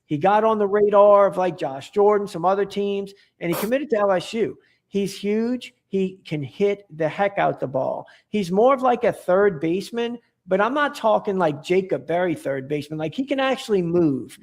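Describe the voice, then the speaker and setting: A man's voice: sits high, animated, normal speed. A man talking as a podcast guest in casual chat, rambling and enthusiastic, with many restarts and fillers.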